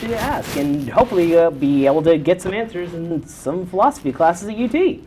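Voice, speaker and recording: A woman's voice: on the low side, lively intonation, brisk, dark tone, a little hiss or hum. A woman hosting a comedy late-night show, with a mock-formal, dry comic delivery. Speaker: talk show host.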